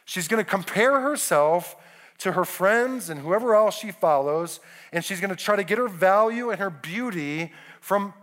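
Earnest preaching man, slightly high voice. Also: fairly bright tone. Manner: earnest, keeps asking "right?" with quick restarts. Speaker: pastor. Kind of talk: sermon.

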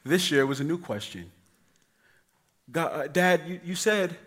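A man preaching a sermon, telling family stories with acted voices and shifting between loud emphasis and quiet, casual delivery. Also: fairly high pitch, unhurried, pauses often. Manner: animated storytelling, acting out voices of his kids; casual, addresses the congregation as y'all. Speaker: pastor.

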